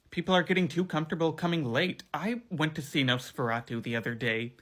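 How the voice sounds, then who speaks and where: A man's voice: medium pitch, fairly bright tone. A man giving a casual, incredulous complaint to camera.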